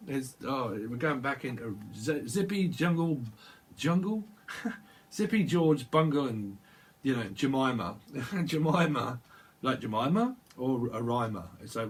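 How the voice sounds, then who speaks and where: Husky, animated man reading tarot. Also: mid-range voice, unhurried. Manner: rambling, jokey, acts out dialogue. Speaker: tarot reader. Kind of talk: casual chat, tarot reading.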